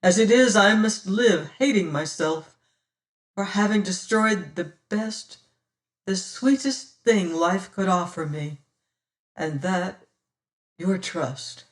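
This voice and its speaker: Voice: medium pitch, slow, reverberant, distant mic, close to an everyday voice. A reader voicing a passionate, tormented young sailor in an audiobook. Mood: remorseful. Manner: fierce and demanding, then remorseful. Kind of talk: audiobook character reading.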